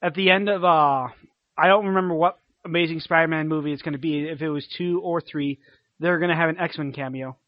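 Male podcast co-host, high voice, joking banter, lo-fi sound. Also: steady tone, brisk, no room sound. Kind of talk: casual podcast chat.

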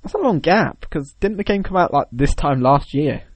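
A man's voice: on the high side, expressive, moderate pace, husky, no echo. Joking, rambling man in casual chat. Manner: rambling, joking, acting out little scenes. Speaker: podcast co-host. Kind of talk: casual chat about video games.

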